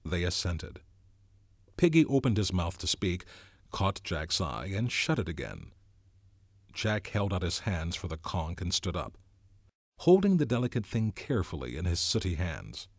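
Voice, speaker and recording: Deep, expressive male reader. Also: breathy edge, no echo, clean studio sound. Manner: expressive, measured narration. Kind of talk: novel reading aloud.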